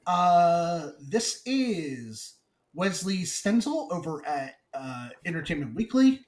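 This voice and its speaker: A man co-hosting a podcast in casual chat, animated and laughing as he reads news items aloud. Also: high-pitched, a little slow. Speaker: podcast co-host.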